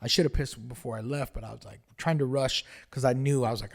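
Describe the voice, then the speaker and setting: A man hosting a podcast, telling a story in a casual chat, animated and swearing constantly as he acts it out. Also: medium pitch, fast, vocal fry, hardly any pauses. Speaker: podcast host.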